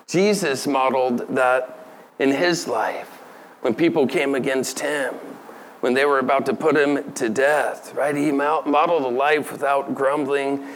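A man's voice: medium pitch, steady tone, a little slow, slight background noise. A middle-aged man preaching a sermon, talking casually and asking the audience questions. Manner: conversational, asks the audience questions, laughs lightly. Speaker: pastor.

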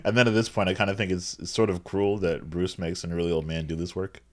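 A man with a very low, deep voice, co-hosting a casual movie commentary chat. He talks at a quick clip and recaps scenes with dry, wry jokes. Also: flat delivery. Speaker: podcast co-host.

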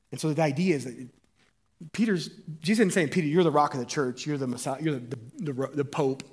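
A man preaching a sermon as pastor, animated and jokey, getting the congregation to repeat words after him. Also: fairly high pitch, fast talker, husky.

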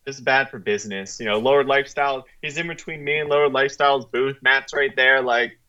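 A man's voice: medium pitch, fast, sharp tone, lo-fi sound. A young man on a podcast, co-hosting, telling a story in casual chat and acting out quotes with plenty of laughs and swearing. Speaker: podcast co-host.

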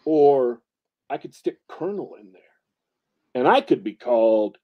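A man's voice: medium pitch, sing-song, measured pace, long pauses. Chatty man, dull lo-fi sound. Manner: rambling, laughs often, restarts. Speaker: podcast co-host. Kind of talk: casual chat.

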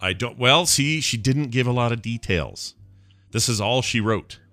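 Lively, bright-voiced man chatting casually. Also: mid-range voice, normal speed, no echo, faint music behind. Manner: jokey, rambling storyteller with lots of fillers. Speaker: podcast co-host. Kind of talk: casual chat.

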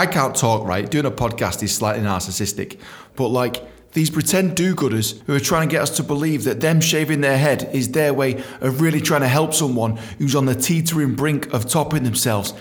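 A British man hosting a podcast, ranting profanely about his work as a dentist and mimicking people in quick voices. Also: medium pitch. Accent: British English. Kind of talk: profane comedic monologue.

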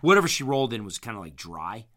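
A man telling a rambling story in a casual chat, his voice strained after hurting his vocal cords, clearing his throat often. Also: on the low side, very animated, fast talker, bright, forceful tone.

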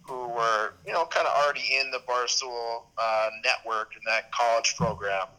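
A man in his thirties, a sports media host, chats as a guest on a podcast in a casual interview, rambling along with restarts and fillers. His medium-pitched voice is smooth but sharp in tone, with fairly even intonation and a moderate pace. The recording quality is low.

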